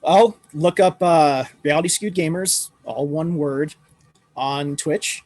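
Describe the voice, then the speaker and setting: A man's voice: on the high side, slow, a little mellow, dry recording. A man from Ireland chatting casually as a podcast guest, easygoing and laughing often. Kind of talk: casual chat.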